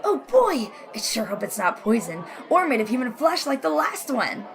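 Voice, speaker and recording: Brief: shrill, bouncy, gravelly customer bursting with excitement. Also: male voice, normal speed, a crowd in the background, exaggerated voice. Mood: giddy. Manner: gushing, giddy. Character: overexcited squeaky customer, young man.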